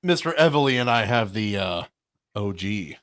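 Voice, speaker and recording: A man's voice: lowish voice, expressive, moderate pace, a bit bright, no room sound, clean studio sound. A man joking and teasing his friends in a casual chat.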